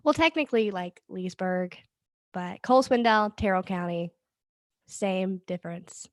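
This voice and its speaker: A chatty woman with a Southern Georgia drawl talks quickly and a little self-consciously as a podcast co-host. Her pitch sits in the middle for a woman. The sound is dry and close. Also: no echo. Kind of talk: casual podcast chat.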